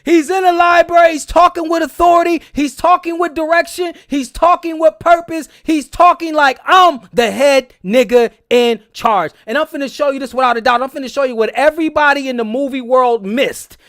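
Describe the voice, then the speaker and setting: High-voiced emphatic man breaking down a film. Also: fairly even intonation, a little fast, few pauses, a bit bright. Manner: emphatic, preachy, swears a lot, repeats phrases. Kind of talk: excited casual commentary.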